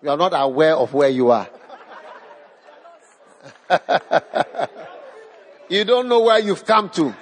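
A man's voice: fairly high pitch, sing-song, takes it slowly, long pauses. A man preaching a live sermon to a congregation, emphatic, repeating his phrases and putting questions to the crowd. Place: church hall with a live congregation. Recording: long hall reverb.

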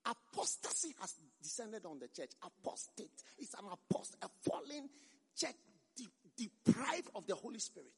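A male pastor with a high, husky voice delivers an emphatic sermon, hammering lines home by repeating them. His voice rings out with a long reverb, as if in a large church hall. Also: very animated, normal speed. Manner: emphatic, repeats phrases for force.

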